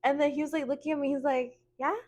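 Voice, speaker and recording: A young woman, co-hosting a casual podcast chat and telling stories in an animated, giggly way with quoted dialogue. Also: high voice, quick pace. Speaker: podcast co-host.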